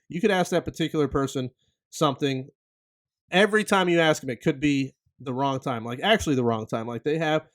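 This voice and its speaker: A man in his thirties hosting his own podcast, talking in a casual, rambling solo rant and acting out the people he quotes. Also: a little high. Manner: rambling, candid, acts out quoted people in asides. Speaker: podcast host.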